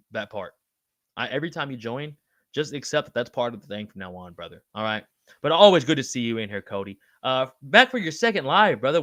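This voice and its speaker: A man hosting a livestream, chatting casually and swearing freely as he reads and answers viewer comments by name. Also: no room sound. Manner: pitch jumps high when excited. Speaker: livestream show host.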